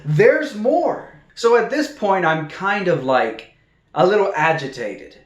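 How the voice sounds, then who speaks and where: A man's voice: sits high, sing-song, slow pace. A man vlogging about his building project in a casual, exasperated way, laughing in disbelief as he talks. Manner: exasperated, incredulous, laughs often. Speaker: vlogger building a container home. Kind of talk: casual video diary. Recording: echoey room with faint music.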